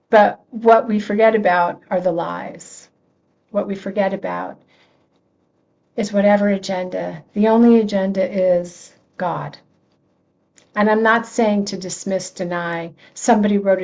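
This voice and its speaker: A woman's voice: mid-range voice, fairly even intonation, unhurried, darkish tone. A woman reverend leading an online prayer circle, talking in a loose, conversational way, restarting phrases, laughing often and answering comments from viewers. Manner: reads and answers chat comments. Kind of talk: informal spiritual talk.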